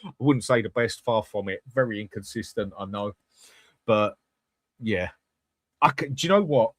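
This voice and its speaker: A man's voice: lowish voice, moderate pace, a bit bright, no echo. A man hosting a live fan channel, chatting bluntly with viewers and swearing freely. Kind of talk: live-stream chat reading comments.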